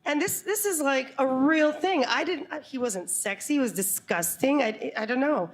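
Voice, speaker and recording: Woman storyteller, live on stage, slightly high pitch, lively and comic. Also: moderate pace. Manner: animated, laughing, comic asides. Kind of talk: live storytelling before an audience. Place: stage before a live audience.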